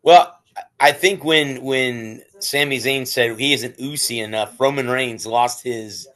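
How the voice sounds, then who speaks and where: A man's voice: mid-range voice, unhurried, a bit bright. A man co-hosting a casual sports podcast, rambling and restarting his sentences as he talks. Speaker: podcast co-host.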